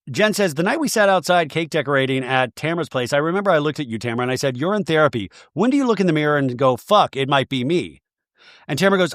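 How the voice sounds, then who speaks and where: A man's voice: a little high, animated, brisk, a bit bright, dry recording, clean studio sound. A man hosting a comedic recap podcast, sarcastic and mimicking quotes in exaggerated voices. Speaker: podcast host recapping a reality show.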